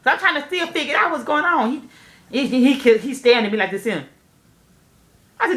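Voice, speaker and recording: A woman telling a story candidly to camera, animated and profane, speaking straight to her viewers. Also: high voice, a little fast, echoey room. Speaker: nail technician vlogger.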